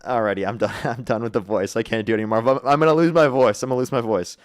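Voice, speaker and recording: Fast-talking livestream host, dry sound. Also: male voice, medium pitch, no echo. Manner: amused, reading out donations. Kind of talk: casual livestream chat.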